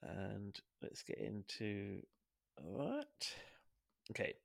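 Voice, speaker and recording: A man's voice: fairly low pitch, huge pitch swings, extremely slow, vocal fry, no echo, studio quality. A young adult Welsh man hosting a podcast in a casual, jokey, playful chat. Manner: playful, jokey, laughs often. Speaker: podcast host.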